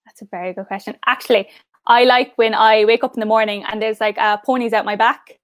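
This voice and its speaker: A young Irish woman chatting as an interview guest, quick and upbeat, fillers sprinkled throughout. Her voice sits a little high and the sound is dry and close. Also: steady tone, no echo. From Ireland. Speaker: interview guest, pageant finalist. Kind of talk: casual interview chat.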